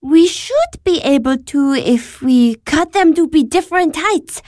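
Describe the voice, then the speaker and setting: A woman voicing a practical, caring older sister with a brisk, sensible manner in an audio drama. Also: high voice, animated, darkish tone, no room sound, clean studio sound.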